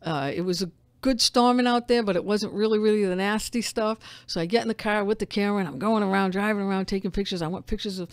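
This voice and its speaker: Animated woman storyteller. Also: medium pitch, quick pace, clean tone, dry recording. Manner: animated storyteller, frequent restarts and laughs. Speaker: newspaper editor and publisher, guest. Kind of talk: casual radio interview chat.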